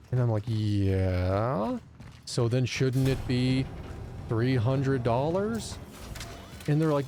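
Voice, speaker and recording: A young man streaming a game, telling a story in an animated, profane rant and acting out both sides of a phone call. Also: medium pitch, slow, a little hiss or hum. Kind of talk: casual live-stream storytelling while gaming.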